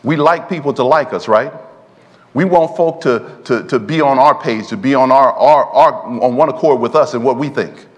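A man preaches a sermon in a church sanctuary, drawing call-and-response from the congregation. His mid-range voice moves at normal speed, and the muffled recording carries the long hall reverb of the church.

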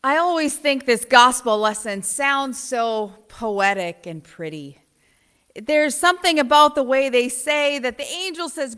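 Woman pastor, bright and slightly high voice, conversational sermon in a church sanctuary. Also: a little slow, clear, resonant tone. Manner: conversational, animated preaching with emphatic repeats.

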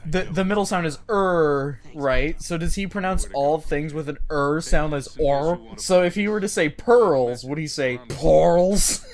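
A man's voice: a little high, unhurried, hardly any pauses. A man chatting casually with friends, asking curious questions about a cartoon series. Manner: curious, asks lots of questions. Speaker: show reviewer. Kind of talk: casual group chat.

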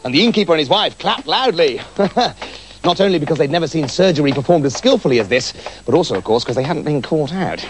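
A man narrating a comic storybook tale in an animated, giggly manner. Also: on the high side, fast talker, music in the background.

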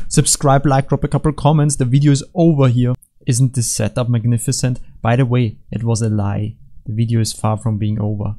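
A man's voice: medium pitch, fairly even intonation, moderate pace, mellow. A man giving casual, rambling gameplay commentary, joking at his own expense and drifting from thought to thought. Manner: rambling, self-mocking, easily distracted jokes. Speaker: gaming commentator.

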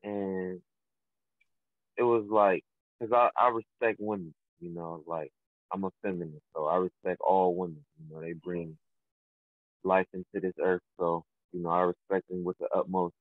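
A man's voice: low-pitched, little pitch movement, moderate pace, no echo. Young man talking over a tinny phone line. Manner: loose and rambling, many fillers and restarts. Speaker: professional boxer, guest. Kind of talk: casual phone interview.

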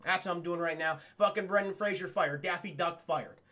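A man recaps a movie for his livestream chat in a loose, rambling way, swearing freely and calling out to the chat every few lines. His voice sits high for a man and has a bright, sharp edge. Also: a little fast. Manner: rambling, profane, keeps addressing the chat. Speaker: streamer reviewing a film.

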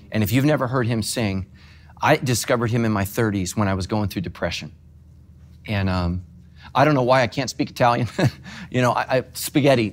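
Middle-aged guy pastor giving a sermon, chatty and heartfelt, cracks jokes at himself. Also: fairly low pitch. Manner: emotional, conversational preaching with self-deprecating humor.

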